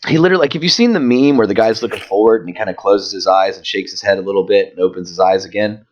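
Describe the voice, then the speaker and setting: On a muffled recording, a podcast co-host with a lowish voice talks in rapid-fire bursts. Telling a story during casual chat, he swears constantly and winds himself up into a profane, heated, animated telling.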